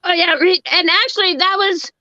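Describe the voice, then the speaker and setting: A woman chatting casually as a co-host, telling stories loudly and swearing freely, often breaking into laughter. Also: extremely high pitch, normal speed, no echo, muffled recording. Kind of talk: casual chat.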